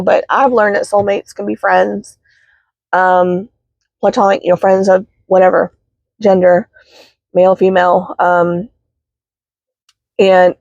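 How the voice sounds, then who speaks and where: A woman's voice: mid-range voice, darkish tone, no echo. Woman, teary vlogger, hesitant and filler-heavy, dull dry car-phone sound. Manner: halting, many fillers and apologies. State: teary, sniffling. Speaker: spiritual healing vlogger. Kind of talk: casual heartfelt vlog. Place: parked car.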